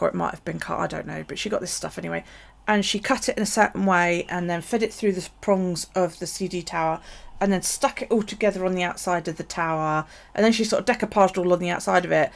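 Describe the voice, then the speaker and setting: Woman, live-stream crafter, rambly and sweary, gravelly fry in the voice. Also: on the low side. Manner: chatty, rambling, swears freely, laughs at herself. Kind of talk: casual crafting chat. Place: home craft space.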